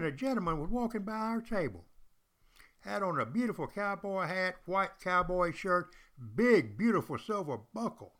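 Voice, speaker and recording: A man's voice: sits high, fairly bright tone. An older man, hosting a podcast in a folksy, chatty storytelling monologue aimed straight at his listeners. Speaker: podcast host and retired college teacher.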